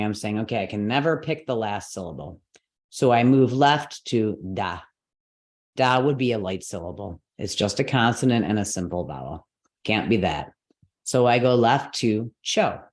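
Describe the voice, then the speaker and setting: A woman teaches an online mantra lesson on Sanskrit stress. She walks through each rule patiently, pausing often to check in with her students. She slows right down whenever she spells out a syllable. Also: very deep voice, a little mellow. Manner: patient explaining with frequent okays and all rights.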